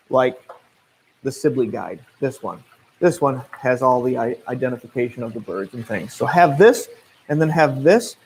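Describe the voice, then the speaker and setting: A man in his thirties with a Midwestern US accent talks through viewer questions as a naturalist guide. His pitch is ordinary for a man, and his delivery is relaxed and conversational, with plenty of fillers and restarts. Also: husky, low-quality recording. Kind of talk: casual livestream Q&A.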